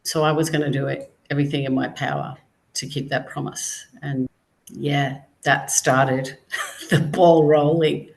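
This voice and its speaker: A middle-aged woman, a guest on an interview show, telling her personal story in a measured, reflective way with pauses. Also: sits low, level tone, creaky, poor audio. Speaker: guest, cancer survivor and author.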